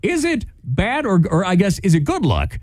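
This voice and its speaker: A man's voice: sits high, huge pitch swings, moderate pace, darkish tone, dry recording, clean studio sound. A man co-hosting a morning radio show, chatting casually and laughing easily. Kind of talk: casual talk radio chat.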